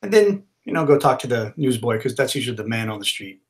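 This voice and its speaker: A man talks through his turn in a tabletop game in an easy, rambling way. His voice is mid-pitched and ordinary, and he often restarts his sentences. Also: big pitch swings, fast talker. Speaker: player.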